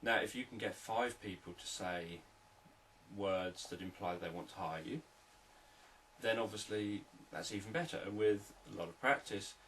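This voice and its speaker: A man, a hypnotherapist, explaining sales techniques in a calm, repetitive, unscripted teaching talk. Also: fairly low pitch, moderate pace, far from the mic, slight background noise, poor audio.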